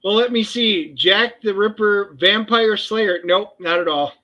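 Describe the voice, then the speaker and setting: A man chats excitably with a high, bright voice, rambling and tossing out sarcastic banter. His sound comes through dull and lo-fi, like a cheap stream mic. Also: measured pace. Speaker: co-host and writer. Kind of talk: casual livestream chat.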